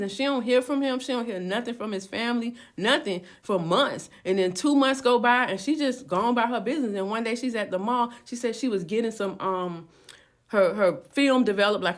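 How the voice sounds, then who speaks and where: A woman casually telling a dramatic story to her viewers, chatty and repetitive, acting out what people said. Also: a little high. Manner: chatty retelling with repeated words and acted quotes.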